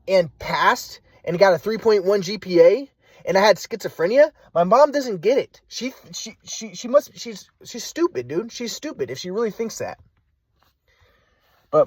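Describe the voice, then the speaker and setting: Animated man telling a rambling story. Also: on the high side, no room sound. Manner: rambling, emphatic, repeats himself. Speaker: vlogger. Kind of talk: personal storytelling monologue.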